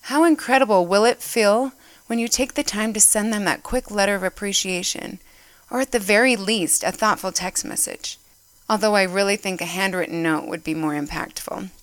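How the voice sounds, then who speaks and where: A woman's voice: mid-range voice, a bit bright, no room sound. Earnest woman giving a devotional talk. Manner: emotional, earnest, gets choked up. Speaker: church speaker. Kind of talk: heartfelt devotional talk reading a story aloud.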